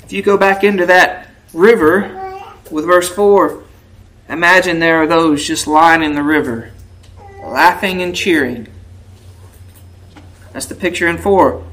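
A man's voice: on the high side, a little slow, long pauses, fairly bright tone, low-quality recording. A man preaching a sermon, asking the listeners questions and building vivid word pictures, with a dramatic rise when quoting the verses. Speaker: pastor. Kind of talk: expository sermon.

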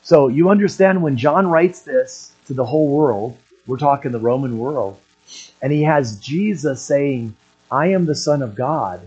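An older man delivers a sermon in a husky, slightly rough voice at an ordinary pitch. He clears his throat between points and swings from low, quiet asides up to loud, emphatic stretches. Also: measured pace, rough recording. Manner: clears his throat often, builds to emphatic raised passages. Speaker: pastor.

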